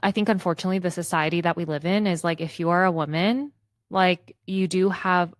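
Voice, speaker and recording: Low-voiced chatty woman podcaster. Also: a little fast, dry recording, clean studio sound. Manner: chatty, animated retelling with quoted asides. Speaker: podcast co-host. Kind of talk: casual chat.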